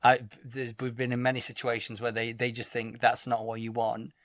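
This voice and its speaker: A man's voice: mid-range voice, completely flat delivery, fairly quick, fairly bright tone, dry recording, studio quality. A man co-hosting a podcast, telling stories in a blunt, exasperated way with some swearing. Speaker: podcast co-host. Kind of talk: casual chat.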